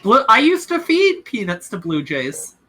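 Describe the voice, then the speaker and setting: A woman's voice: on the high side, wildly swooping pitch, a little slow, bright, forceful tone, a little hiss or hum. A woman playing a tabletop role-playing game with friends, chatting casually with many "likes" and talking eagerly about birds. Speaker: player.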